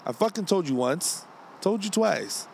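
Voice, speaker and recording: A man co-hosting a casual podcast, ranting with heavy swearing and swinging from low grumbles to loud outbursts. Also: very animated, a little slow, vocal fry, a little hiss or hum. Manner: profane, heated ranting. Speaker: podcast co-host.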